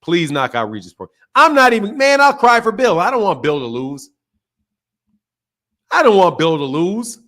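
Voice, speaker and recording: A man's voice: sits high, animated, moderate pace, pauses often, pushed and bright. A man hosting a boxing channel, talking bluntly and profanely and repeating himself as he rants at his viewers in heated casual commentary.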